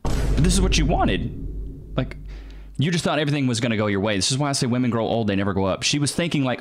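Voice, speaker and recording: A man doing reaction commentary, mocking and sarcastic. His pitch swings widely as he scoffs and lectures. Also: lively intonation, fast. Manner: mocking, sarcastic, calls people honey. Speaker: commentary host reacting to clips.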